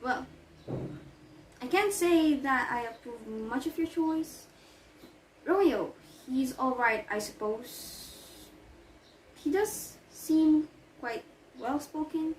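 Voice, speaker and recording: Here the nurse from an amateur school production of Juliet's story is voiced by a woman who stammers, corrects herself, and stays fussy throughout. Her high-sitting voice is expressive and slow with frequent pauses, picked up distantly in an echoey room with a little hiss or hum.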